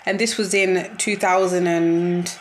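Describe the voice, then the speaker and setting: A young woman, a football vlogger reacting to a match, rants casually in a lowish, slightly slow voice. She's animated, slangy and exasperated, laughing as she goes, and there's a little hiss or hum.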